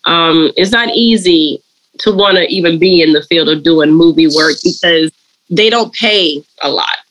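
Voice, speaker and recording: A woman, a dog groomer and colorist, telling her story in a casual interview and slipping into lively voices when she quotes people. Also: on the low side, rough recording. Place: lives and works in Atlanta.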